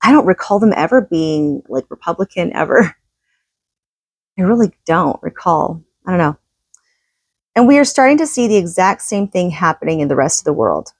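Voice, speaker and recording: A woman's voice: on the low side, expressive, normal speed, breathy edge, no room sound. A woman reading from a book and commenting in a casual, opinionated, conversational way.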